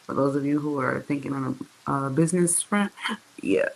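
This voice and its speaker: A tarot reader giving a casual, profane reading in slang, talking straight to the viewers and drawing words out slowly for emphasis. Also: medium pitch, creaky, rough recording. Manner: slangy, profane, chatty, addresses viewers directly.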